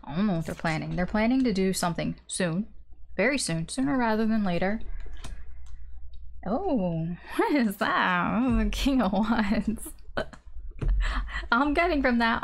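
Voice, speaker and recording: A woman's voice: mid-range voice, expressive, unhurried, long pauses. A woman giving a casual tarot reading in a candid, chatty way, laughing often and swearing now and then. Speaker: tarot reader.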